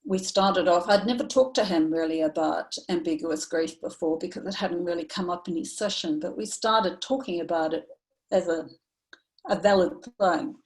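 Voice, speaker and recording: Lowish-voiced woman therapist. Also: poor audio. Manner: measured and reflective, with frequent fillers. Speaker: somatic therapist presenting to professionals. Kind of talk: online training session, recounting a case.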